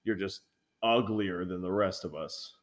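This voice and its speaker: A man telling a work story in a casual, profane chat, acting out the lines of coworkers with animated delivery. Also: deep voice, a little slow. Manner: animated, swears a lot, acts out coworkers' lines.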